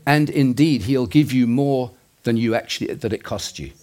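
A man's voice: medium pitch, moderate pace, darkish tone. A man preaching a sermon in an earnest, conversational way, with asides and self-corrections.

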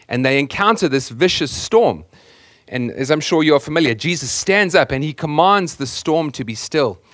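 A man's voice: a little high, fairly bright tone, no echo, studio quality. A man preaching a sermon as the pastor, earnest and emphatic, often repeating words as he searches for the next phrase.

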